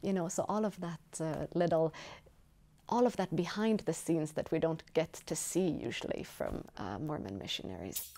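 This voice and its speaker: Woman director, deep gravelly voice, thoughtful and unhurried, festival interview. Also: expressive, warm tone, slight background noise. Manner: reflective and measured, searching for words. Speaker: documentary filmmaker.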